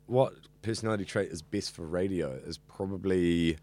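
In a dry recording, a young man with a low-pitched, darkish voice speaks at normal speed during a casual interview. He studies radio, hosts an evening show, and chats earnestly with plenty of fillers and restarts.

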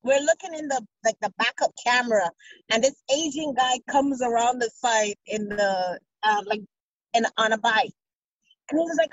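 A woman EMT telling a story from her shift in animated casual chat. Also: a little high, normal speed, no echo, dull audio.

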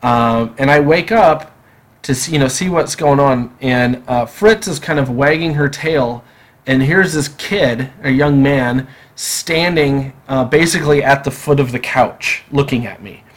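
A man telling a personal story on a podcast in a casual, animated way, acting out the dialogue. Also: mid-range voice, measured pace. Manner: animated, acts out quoted dialogue.

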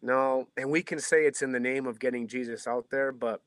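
A man's voice: medium pitch, fairly even intonation, normal speed, a bit bright, no room sound. A man in his thirties, a pastor guest on a podcast interview, giving earnest, reflective answers with a preacher-like cadence. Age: 30s.

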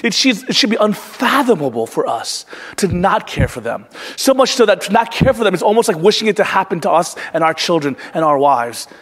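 A man's voice: sits high, very animated, a little fast, fairly bright tone, breathy edge. A man preaching a sermon as pastor, explaining earnestly and sometimes restarting his words. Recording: reverberant hall.

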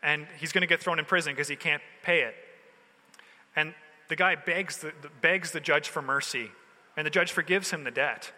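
Guy pastor preaching real casual, slangy, kinda high voice, big reverb like a big hall. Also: normal speed, bright, forceful tone. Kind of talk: sermon.

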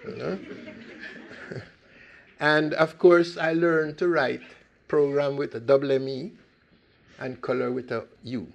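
An older man from Costa Rica telling his life story in an animated, emphatic way with frequent restarts. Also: mid-range voice, slow pace, gravelly, long pauses. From Limón province, Costa Rica. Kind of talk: personal storytelling talk.

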